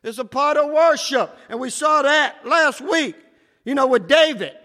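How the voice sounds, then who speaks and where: A man preaching a sermon, shouting at times and swinging between loud and soft. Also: measured pace. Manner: preaching with shouts and wide swings in pitch and loudness. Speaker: pastor. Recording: echoey hall.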